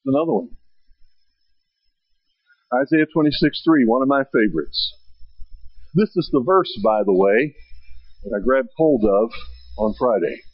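A man preaching a sermon, swelling with emphasis and slowing down on key phrases. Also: medium pitch, lively intonation, slightly rough, dry recording, dull audio. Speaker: pastor.

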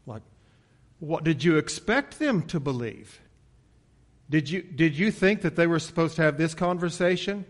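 A man preaching a sermon in a conversational way, asking rhetorical questions and swinging loud when acting out frightened voices. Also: on the high side, normal speed, long pauses. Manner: rises sharply and loud when voicing panicked disciples, drops soft at line ends.

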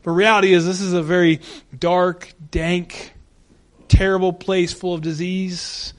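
A male pastor giving a sermon, animated and humorous, acting out the scenes he describes. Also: high-pitched, measured pace.

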